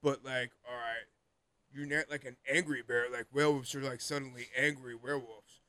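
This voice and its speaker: A man's voice: medium pitch, fairly even intonation, normal speed, bright, forceful tone. A young man co-hosting a podcast, chatting casually and rambling with lots of "like" and frequent laughter. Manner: rambling, laughs often, heavy use of "like". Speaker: podcast co-host. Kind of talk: casual chat.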